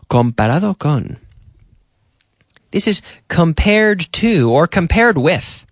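Slow, lively-voiced male English teacher. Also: on the high side, vocal fry, dry recording, studio quality. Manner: drills phrases with slow repetition; asks and answers his own practice questions. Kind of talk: radio language lesson. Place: radio studio.

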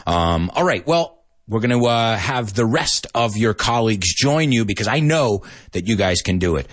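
A husky-voiced man leads a lively English lesson, his pitch swinging up and down as he jokes with his students. He spells words letter by letter and drops in Spanish translations, sounding a little out of breath from talking fast. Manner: energetic, joking, mixes in Spanish translations. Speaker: English teacher. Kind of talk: live-stream English lesson.

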